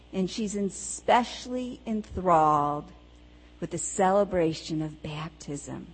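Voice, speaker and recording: Slow, earnest woman preacher. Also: fairly low pitch, in a large hall, rough recording. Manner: measured, earnest, with rhetorical questions. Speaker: pastor or preacher. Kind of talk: sermon with storytelling.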